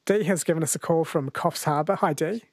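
A man's voice: a little high, brisk, dry recording, clean studio sound. Conversational male radio host. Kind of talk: radio talk show.

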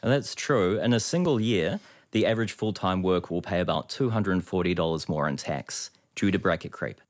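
A man with a New Zealand accent, a research economist explaining tax policy calmly as a radio guest. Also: deep voice, normal speed, no room sound, studio quality. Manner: calm explanatory. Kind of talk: radio interview.

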